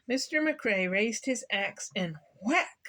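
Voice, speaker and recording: A woman's voice: fairly high pitch, animated, takes it slowly, fairly bright tone. A woman reading a children's picture book aloud, playful and asking the listener questions. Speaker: children's story reader.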